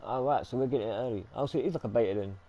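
A British man rattles through a casual gaming chat at a quick clip, swearing freely and circling back to the same point. His voice is mellow and dark. The audio is dull and lo-fi, like a game chat line. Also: mid-range voice. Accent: British English. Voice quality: swears freely, rambling and repetitive. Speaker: gaming streamer.

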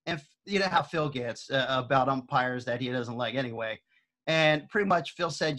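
A man working as an on-field emcee, telling a story with lively energy and acting out the quotes. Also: medium pitch, normal speed. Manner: lively, acts out quotes in shifting voices. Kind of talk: animated storytelling.

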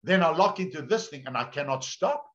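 A man's voice: a little high, lively intonation, fairly quick, a bit bright. A male pastor preaching a sermon, telling stories in a chatty way and often repeating words. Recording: dull lo-fi sound.

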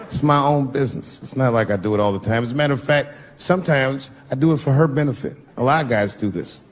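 Man telling stand-up stories to a crowd. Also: fast. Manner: acts out voices of son and wife, jumps to high shouts. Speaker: stand-up comedian. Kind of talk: stand-up storytelling. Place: comedy stage before a live audience. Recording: live club set with audience noise.

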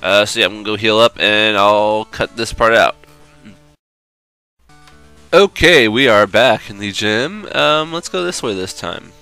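A man's voice: fairly low pitch, gravelly, bright, forceful tone, clear, resonant tone. A young man doing gameplay commentary, swearing and groaning whenever the game turns against him. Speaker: let's play commentator.

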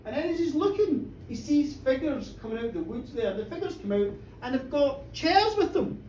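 A man telling a folk tale live on a pub stage, dramatic and animated, with sound effects and screams. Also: very high voice, normal speed, slight background noise. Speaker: storyteller. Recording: roomy live bar from far off.

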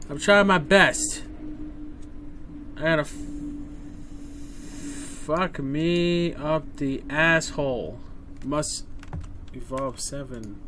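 A bright-voiced man talks through his game run, swinging from quiet muttering to loud cursing. His pitch sits a little high and his delivery is slow and drawn out. Soft typing and faint room noise sit behind him. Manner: excitable, swearing, mutters to himself. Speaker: gameplay streamer. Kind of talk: profane live gameplay commentary.

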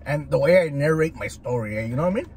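A man's voice: a little high, expressive, quick pace, a little mellow, slight background noise. A man from Southern California, telling stories in a profane, slangy way with Spanish words mixed in while he eats. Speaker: food vlogger. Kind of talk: casual chat while eating.

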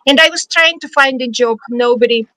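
Woman with a Russian accent, high voice, bright and tense tone, dry close sound, chatty guest who restarts sentences and laughs easily. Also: brisk, dry recording, low-quality recording. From Russia, Siberia. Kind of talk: casual storytelling interview. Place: studio.

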